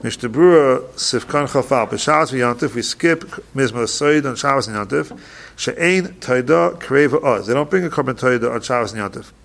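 A man teaching a halacha class, reading each Hebrew passage slowly and then explaining it in quick plain English. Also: mid-range voice, lively intonation, vocal fry, a bit bright. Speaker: Torah teacher.

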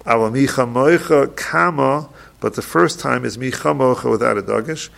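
Gravelly man teaching a text class. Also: medium pitch, fairly bright tone. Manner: reads each Hebrew passage slowly, then explains it in quick plain English. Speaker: Torah teacher. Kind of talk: halacha class, reading Hebrew text then translating.

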